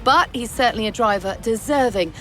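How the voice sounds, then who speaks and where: A woman's voice: on the high side, fairly quick, a bit bright, lightly acted. A woman playing a composed racing TV pundit. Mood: assured. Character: composed female motorsport TV pundit. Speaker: in-game pundit. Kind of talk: scripted broadcast punditry.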